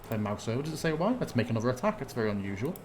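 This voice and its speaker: A man in the game master's chair, narrating a tabletop game at a mid pitch, with a faint hum behind him. He thinks aloud as he looks up rules and describes what the characters do. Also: sing-song, rapid-fire, darkish tone.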